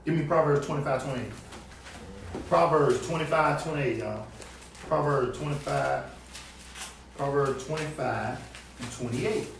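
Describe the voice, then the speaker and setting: A man preaching on the street, fiery and emphatic, swinging between loud and low. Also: a little slow, creaky, long pauses. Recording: echoey, distant outdoor recording with faint background noise.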